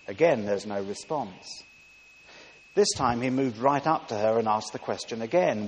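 A man preaching a sermon with emphatic delivery, dropping soft and rising loud. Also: fairly low pitch, moderate pace. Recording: long reverb with faint hiss.

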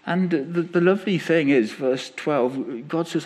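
A man preaching a sermon as pastor, conversational and lively, acting out quotes as he speaks. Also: mid-range voice, normal speed, hardly any pauses, breathy edge.

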